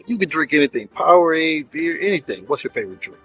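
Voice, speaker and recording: A man's voice: a little high, big pitch swings, fast, fairly bright tone, faint music behind. A man hosting a casual show, asking questions in a playful, teasing way. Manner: playful, teasing, loose interviewer. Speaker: host. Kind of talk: casual podcast chat.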